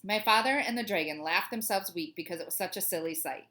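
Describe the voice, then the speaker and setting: A woman's voice: medium pitch, fast, background noise. Cheerful woman teacher reading a children's book aloud, chatty asides.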